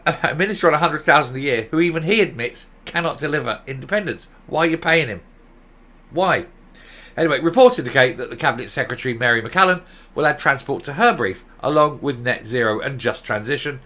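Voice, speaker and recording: Sarcastic, lively male political vlogger. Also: medium pitch. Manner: sarcastic, exasperated, with mocking asides. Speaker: political commentator. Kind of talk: opinionated political vlog commentary.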